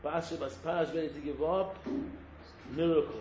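A man's voice: fairly high pitch, fairly even intonation, normal speed, reverberant, muffled recording, background noise. A man giving an impassioned Torah sermon, exhorting his listeners and returning again and again to the same form of address. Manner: exhorting, repeats a refrain of address, mixes Hebrew terms. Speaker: rabbi giving a Torah talk.

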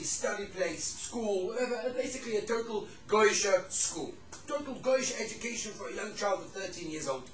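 A man giving a Torah class to a room of listeners, telling stories with lively swings between loud emphasis and hushed tones. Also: high-pitched, roomy sound, recorded from a distance, a little hiss or hum, rough recording. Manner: animated storyteller, drops to hushed tones for the sad parts.

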